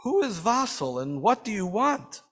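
A man voicing a poor, sick old widow who asks frightened, complaining questions in a high, quavering voice. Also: big pitch swings, measured pace, a bit bright, heavily acted. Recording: long hall reverb.

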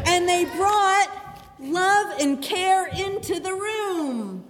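A woman telling a children's story at a service in a sing-song, expressive way. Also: extremely high pitch, extremely slow, in a large hall, some chatter behind. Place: synagogue sanctuary.

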